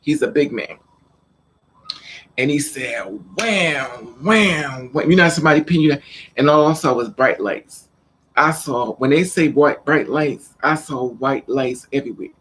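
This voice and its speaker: A man's voice: medium pitch, moderate pace, a bit bright, husky. A man telling a personal story in a casual vlog, acting out scenes and repeating words for emphasis. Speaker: vlogger.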